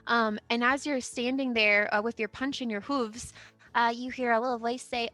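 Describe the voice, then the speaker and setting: A woman's voice: fairly high pitch, fairly even intonation, normal speed, pushed and bright, soft background music. A woman narrating a tabletop game as game master, with many fillers and giggles.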